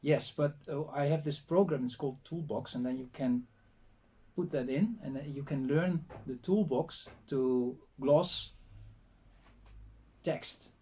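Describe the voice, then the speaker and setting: Middle-aged man, animated interview storyteller, fairly high voice. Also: slow, slightly rough. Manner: animated storyteller, many fillers and restarts, acts out quoted dialogue. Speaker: linguist interviewee.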